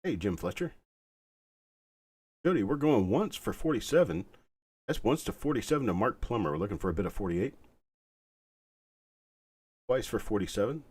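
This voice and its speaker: A man hosting a live online coin auction, calling bids in a calm, soothing, unhurried way. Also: on the low side, slightly rough. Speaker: auctioneer host.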